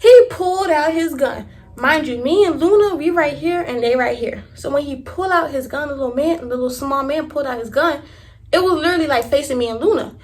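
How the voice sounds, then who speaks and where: High-voiced young woman telling a wild story. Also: fast. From Miami, Florida. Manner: animated, profane, emphatic storytelling. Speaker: vlogger. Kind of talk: storytime vlog.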